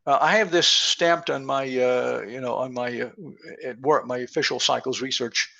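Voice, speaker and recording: A man in his seventies gives a rambling conference presentation over a call, full of stories and fillers. His mid-range voice is creaky with a sharp, steady tone at normal speed, and the call audio is muffled and lo-fi.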